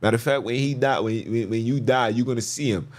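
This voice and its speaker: A man's voice: medium pitch, fast talker. A man hosting a podcast, preaching on scripture in an emphatic, slangy way, repeating phrases for stress. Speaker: podcast host.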